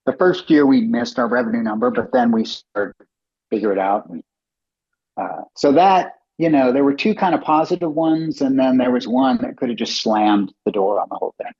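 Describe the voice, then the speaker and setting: A middle-aged man with a husky, mid-pitched voice tells stories as an interview guest. He slips into animated voices for the people he quotes. The recording sounds muffled and lo-fi. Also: normal speed. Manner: animated, acts out quoted dialogue in other voices. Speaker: company co-founder and guest. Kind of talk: casual storytelling interview. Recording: dull lo-fi podcast audio.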